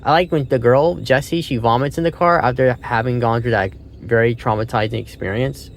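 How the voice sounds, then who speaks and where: A man's voice: medium pitch, a little fast, vocal fry, slight background noise. A man giving a casual, rambling spoken film review, swearing often and restarting his sentences with fillers.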